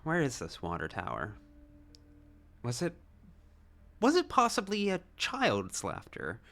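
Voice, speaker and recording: A man voicing a stern, clinical doctor hunting for a lost child, speaking slowly and with condescension. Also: medium pitch, huge pitch swings, vocal fry, fairly bright tone, full character voice. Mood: probing. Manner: clinical, condescending, slow and deliberate. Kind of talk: voicing game dialogue with friends.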